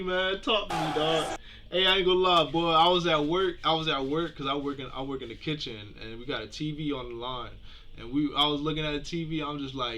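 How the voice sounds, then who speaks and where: A young man from South Florida reacting to a clip in casual, profane commentary, jumping between shouting and mumbling. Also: a little high, moderate pace, a little hiss or hum. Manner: hyped, profane, swings from yelling to muttering. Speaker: reaction video host.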